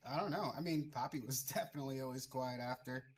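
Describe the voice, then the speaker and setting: A man's voice: mid-range voice, fast, a little hiss or hum. A man talking as a guest in a casual voice-call chat, laid-back and profane, using lots of slang. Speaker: guild member guest.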